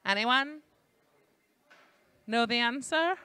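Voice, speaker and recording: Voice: mid-range voice, takes it slowly, bright, forceful tone, clean tone, dry recording. A host with a New York accent runs a live trivia game show at a student event, tossing playful jokes to the audience. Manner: jokey, playful asides to the audience. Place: indoor student event at a library.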